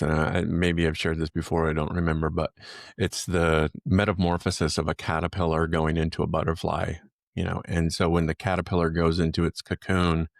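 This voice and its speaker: A man's voice: low voice, gravelly, no echo, studio quality. A man co-hosting a podcast, talking reflectively in casual chat and explaining his point through a metaphor. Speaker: podcast co-host.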